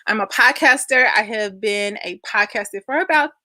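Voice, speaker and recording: Bubbly high-voiced woman hosting a livestream. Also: normal speed, bright, forceful tone, dry recording. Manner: bubbly and effusive, greets viewers by name, uses y'all and sis. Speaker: host of an online class. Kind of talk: casual livestream chat with viewers.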